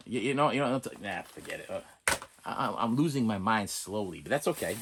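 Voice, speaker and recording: A man's voice: on the low side, lively intonation, normal speed, long pauses, fairly bright tone, a little hiss or hum. A middle-aged man reviewing cheap movie discs in a casual, rambling way, stammering and restarting often and cracking jokes. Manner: jokey, breaks into off-key singing and impressions.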